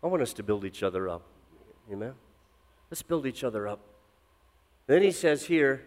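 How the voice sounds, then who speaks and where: A middle-aged man preaching a sermon as pastor, swinging from loud emphatic lines to low, intense drops. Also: animated, moderate pace, pauses often. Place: church sanctuary. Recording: long reverb of a church hall.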